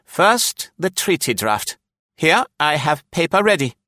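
A man's voice: on the high side, very animated, measured pace, bright, forceful tone, no room sound, studio quality, pitched above the performer's own voice, full character voice. A man voicing a fat, greedy spy with an oily, snarling manner. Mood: scheming. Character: fat, greedy, menacing male German spy. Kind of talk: audiobook character voice.

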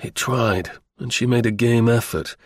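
A man narrating an audiobook in a measured, unhurried reading. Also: medium pitch, no echo, clean studio sound.

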